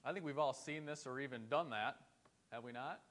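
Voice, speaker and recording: A man's voice: medium pitch, brisk, fairly bright tone. A man preaching a sermon in a church, earnest and conversational, asking his listeners rhetorical questions. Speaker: pastor.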